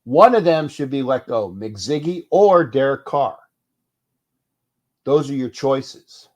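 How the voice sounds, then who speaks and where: A middle-aged man hosting a casual fan live stream, rambling and animated, reading viewer comments aloud between restarts. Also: medium pitch, takes it slowly. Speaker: host of a fan live show.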